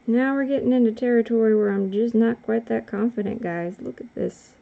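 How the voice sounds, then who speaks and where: A woman's voice: a little high, fairly even intonation, a little fast, gravelly. Chatty woman, dull lo-fi recording. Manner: rambling, self-correcting, chatty. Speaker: art vlogger. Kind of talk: casual chat while drawing.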